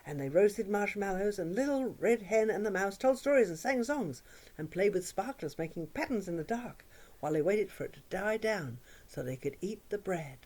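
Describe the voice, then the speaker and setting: A woman tells a children's story aloud, her voice sing-song and richly expressive. Her pitch rises and falls in wide, lively swoops, and she drops to a hush for drama. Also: moderate pace. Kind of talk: oral storytelling for young children.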